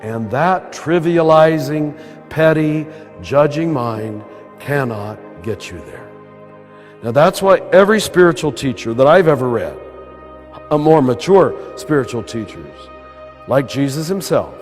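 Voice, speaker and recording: An older American priest with a throaty voice, giving an earnest, conversational spiritual talk to a live audience. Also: male voice, medium pitch. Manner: earnest, conversational, chuckling now and then. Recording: live talk with long hall reverb and soft music behind. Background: soft lo-fi music.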